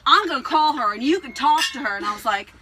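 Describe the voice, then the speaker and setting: A woman chats as a co-host, her high voice bright and full of swooping pitch. She tells stories with gusto, putting on the voices of the people she quotes. A faint hum sits under the recording. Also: fast. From New Jersey. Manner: animated storyteller, acts out quoted voices, laughs often. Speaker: podcast co-host. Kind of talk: casual chat, storytelling.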